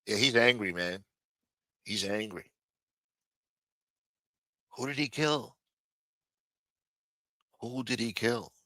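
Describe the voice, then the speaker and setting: A man's voice: medium pitch, expressive, slow, long pauses, sharp tone, no echo, studio quality. A man hosting a live commentary stream, sarcastic, profane and mocking as he talks. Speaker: livestream host.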